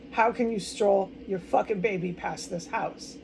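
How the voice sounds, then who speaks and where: Upset woman, halting and profane. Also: medium pitch, steady tone, vocal fry, darkish tone, a little hiss or hum, poor audio. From United States. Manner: profane, halting, stumbles over words. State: upset and distraught. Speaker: vlogger. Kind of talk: rambling personal monologue.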